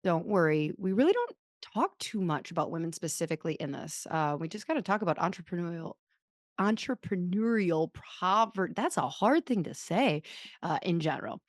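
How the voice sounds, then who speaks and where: A woman's voice: on the low side, big pitch swings, fairly quick, dry recording, studio quality. A woman in her thirties hosting a podcast, telling stories in a rambling, self-deprecating casual chat. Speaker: podcast host.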